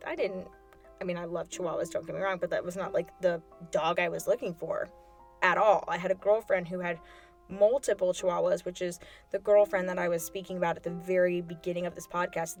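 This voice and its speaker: A woman tells a personal story as a podcast host, talking casually with many fillers and acted-out quotes. Her voice sits at a middle pitch. Faint music plays quietly underneath.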